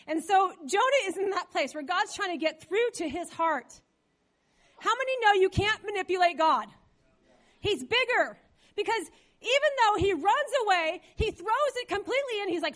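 A middle-aged woman pastor preaching a sermon in a church, dramatic and animated, acting out quoted voices. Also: extremely high pitch, brisk.

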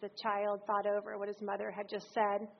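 A woman preaching a sermon, telling stories in a lively way and reading scripture aloud with emphasis. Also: mid-range voice, normal speed, creaky, a little hiss or hum. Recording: slightly dull recording.

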